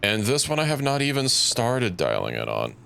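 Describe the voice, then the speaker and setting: A man's voice: medium pitch, wildly swooping pitch, moderate pace, vocal fry, bright, forceful tone, a little hiss or hum. A young man streaming a game, thinking aloud in a rambling, casual way and correcting himself as he goes. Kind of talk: casual gameplay commentary.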